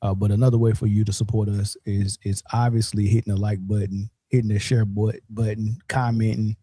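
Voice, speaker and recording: A man's voice: on the low side, level tone, fairly quick, warm tone, breathy edge, no echo, studio quality. A man hosting a sports podcast in casual chat, joking and sometimes stumbling over his words. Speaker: podcast host.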